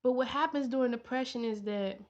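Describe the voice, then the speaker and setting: In dull lo-fi audio, a young woman with a slightly high voice talks briskly through a personal vlog. Her tone is sincere and heartfelt, and she repeats lines for emphasis.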